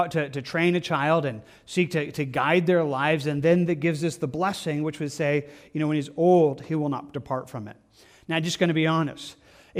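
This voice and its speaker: A male pastor preaching an evening sermon in an earnest, gentle way, often repeating words and restarting his phrases. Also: on the high side.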